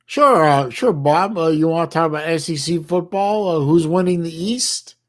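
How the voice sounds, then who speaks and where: Here a middle-aged American livestream host, pitched a little high, reads through his chat. His casual talk stops and starts repeatedly and leans on folksy expressions.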